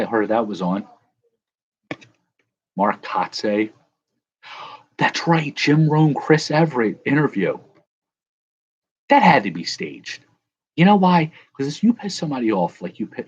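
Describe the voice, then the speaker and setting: A man's voice: on the low side, slightly rough, lo-fi sound. A man hosting a casual live chat, rambling and correcting himself as he answers viewers. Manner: rambling, self-correcting, chuckling. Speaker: livestream host.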